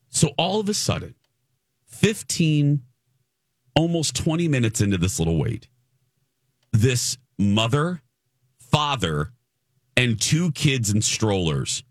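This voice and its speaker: A man's voice: medium pitch, dry recording, studio quality. A man hosting a podcast, telling a story in a casual, emphatic and indignant way. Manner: animated, emphatic, indignant retelling.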